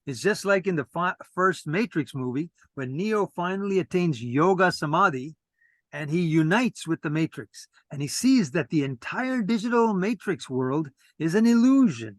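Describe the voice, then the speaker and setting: A man's voice: a little high, no echo. Earnest man lecturing, dry close sound. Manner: earnest, lecturing, breaks off for casual asides. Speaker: presenter. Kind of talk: reading a script with asides to a co-host.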